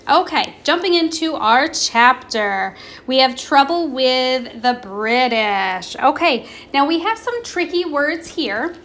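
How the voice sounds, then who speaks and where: Brief: woman teacher, bright and fairly high voice, slow and deliberate, stretches words out as she models them. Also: lively intonation. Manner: asks questions and pauses for students. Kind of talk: recorded remote classroom lesson.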